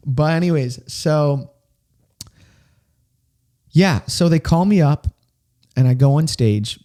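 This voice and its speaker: Young man, podcast host, casual storytelling, excitable, mid pitch, mellow warm tone. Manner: excited, chatty, says "dude" and "like" often.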